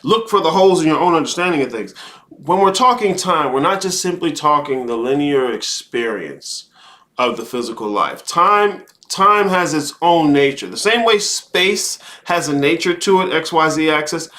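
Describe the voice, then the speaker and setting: This host's voice sits fairly high, bright and forceful, as he delivers a live, profane monologue preaching about time and spirit. The rant is heated, full of repetition and rhetorical "okay?"s.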